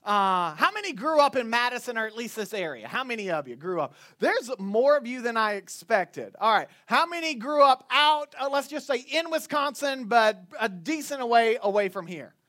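A man's voice: very high-pitched, sing-song, normal speed, hardly any pauses, bright, forceful tone. A man from Florida, preaching casually and playfully polling his congregation in a chatty way.

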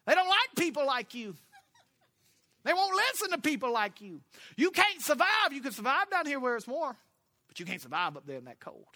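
A man's voice: extremely high pitch, wildly swooping pitch, normal speed, bright, forceful tone, pitched above the performer's own voice, heavily acted. A man with a Southern accent voicing a worried older relative who scolds in a fretful tone during a sermon. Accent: Southern US (Florida).

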